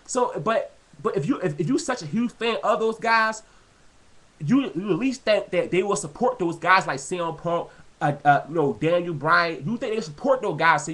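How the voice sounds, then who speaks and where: A man's voice: high-pitched, lively intonation, moderate pace, pushed and bright. A man vlogging a heated, rambling rant, filling his talk with "you know" and repeating himself. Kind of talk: casual rant to camera.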